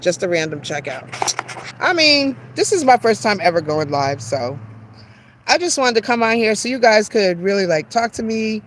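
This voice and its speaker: A woman's voice: medium pitch, lively intonation, normal speed, a little hiss or hum. A woman hosting her first live stream, walking through her backyard garden, greeting viewers by name in a chatty, self-deprecating way. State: out of breath while walking. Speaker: garden channel host.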